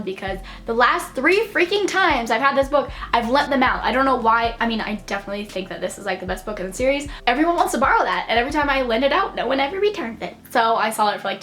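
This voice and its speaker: Woman in her twenties, upbeat book vlogger, slightly high pitch, gushing and casual. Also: fairly bright tone. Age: 20s. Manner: enthusiastic, gushing, filler-heavy. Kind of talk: casual book haul chat.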